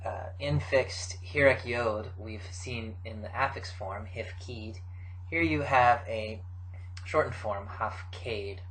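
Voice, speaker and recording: Man, middle-aged, grammar lecture, measured explanations, mid-range pitch, frequent fillers. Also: fairly bright tone, a little hiss or hum, rough recording. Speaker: Biblical Hebrew teacher.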